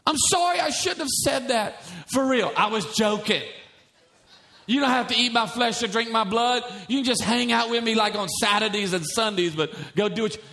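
A man's voice: extremely high pitch, normal speed, vocal fry, pushed and bright. A male pastor preaching a sermon in a church, emphatic, with many repeated rhetorical questions.

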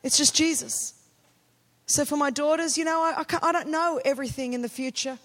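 A middle-aged Australian woman pastor, high-voiced and fast-talking, preaches a sermon full of personal stories. She's animated, building up to passionate, shouted declarations.

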